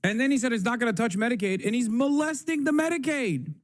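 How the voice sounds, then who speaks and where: A man's voice: very high voice, animated, fast talker. A man streaming live, ranting about politics in a casual, profane, sarcastic way and mocking people in silly voices. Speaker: live streamer reacting to clips.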